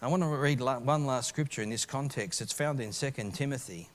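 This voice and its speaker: A man preaching a live church sermon, earnest, moving between quiet reflection and impassioned emphasis, with frequent restarts. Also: mid-range voice, brisk. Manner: frequent restarts and filler uhs. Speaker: pastor. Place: church service.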